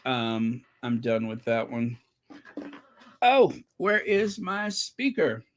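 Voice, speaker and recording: A man hosting a casual commentary channel, animated and opinionated, reacting to viewer comments. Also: mid-range voice, takes it slowly. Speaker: channel host.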